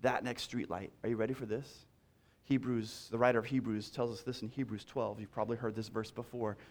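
A male pastor preaching a sermon in an animated, repetitive style that builds in intensity. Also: mid-range voice, a little fast.

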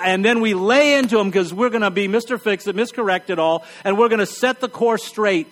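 A middle-aged man preaching a conversational sermon, wry and blunt, dropping to a hush for emphasis. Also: sits high, fairly quick, hardly any pauses.

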